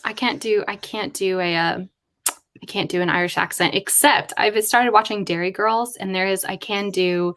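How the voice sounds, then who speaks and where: A woman writer chatting casually on a live stream, thinking aloud in a rambling way with quick asides. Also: mid-range voice, very animated, pushed and bright. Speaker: writer livestreaming with chat.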